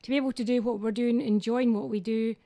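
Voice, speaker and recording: Chatty Scottish woman, mellow higher voice. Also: fairly even intonation, fast talker, dry recording, clean studio sound. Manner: chatty, laughs often, self-mocking. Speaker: singer and entertainer, guest. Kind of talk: casual radio interview.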